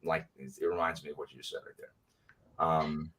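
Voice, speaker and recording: A man hosting a livestream, talking in a heated, animated rant full of slang in casual chat. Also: extremely low pitch, normal speed, a little hiss or hum. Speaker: livestream host. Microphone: clip-on mic. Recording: distant from the mic.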